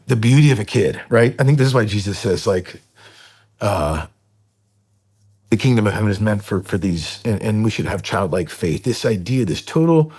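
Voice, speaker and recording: A middle-aged American man, appearing as a guest on a podcast, shares an emotional personal story. He speaks earnestly but haltingly, with lots of fillers and restarts. His voice sits lowish and is a little mellow with a slight roughness.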